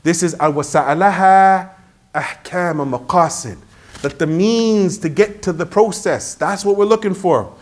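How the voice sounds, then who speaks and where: Emphatic, higher-voiced male preacher. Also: a little slow. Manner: emphatic, animated storytelling with Arabic phrases. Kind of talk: sermon.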